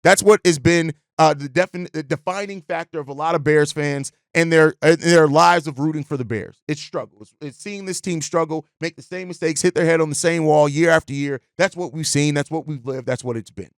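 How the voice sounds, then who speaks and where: A man's voice: a little high, fairly even intonation, a little fast, few pauses, no room sound, studio quality. A man hosting a sports talk podcast, speaking with emphatic, repetitive phrasing about his team. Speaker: podcast host.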